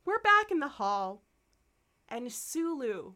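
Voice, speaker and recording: A woman's voice: a little high, slow pace. A woman co-hosting a podcast in casual chat, recapping an episode and swearing freely. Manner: animated, swears freely, acts out characters' lines. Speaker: podcast co-host.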